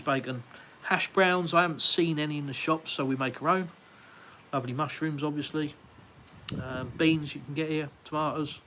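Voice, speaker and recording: An English man chats his way through a live stream, reading out viewer comments and answering them in a loose, rambling way. His voice sits at an ordinary middle pitch. He talks into a phone while strolling around outdoors, with a faint hiss behind him. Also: a bit bright. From United Kingdom. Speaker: livestream host. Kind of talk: casual live-stream chat. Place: outdoors at a house, walking about and onto a windy terrace.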